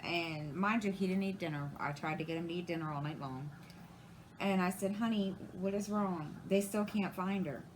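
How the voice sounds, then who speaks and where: A woman's voice: lowish voice, moderate pace, slight background noise, rough recording. Rambling woman telling a story. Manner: rambling, retells conversations, many restarts. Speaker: crafting channel host. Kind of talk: casual storytelling to camera.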